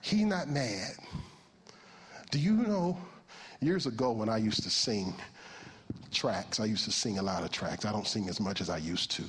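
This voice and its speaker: A man preaching a sermon in an animated way, moving from hushed, almost whispered passages to loud, high shouts. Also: unhurried, pauses often, big-room sound, a little hiss or hum.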